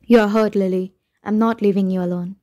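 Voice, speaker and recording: A woman's voice: mid-range voice, steady tone, brisk, mellow, no echo, clean studio sound, close to an everyday voice. A woman reader voicing a pleading, remorseful young husband, in a lightly raised voice.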